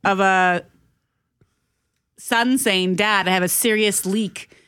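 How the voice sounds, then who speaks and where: A woman's voice: medium pitch, steady tone, slow, a bit bright, clear, resonant tone. A woman co-hosting a morning radio show, chatty and self-mocking, laughing often. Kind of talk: casual radio banter.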